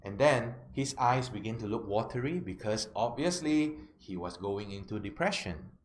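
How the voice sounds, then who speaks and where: A man's voice: lowish voice, normal speed. Guy, coach telling a story, keeps asking "yeah?", echoey room. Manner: animated storyteller, checks in with listeners often. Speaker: life coach. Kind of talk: storytelling self-help lesson. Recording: roomy with faint background noise.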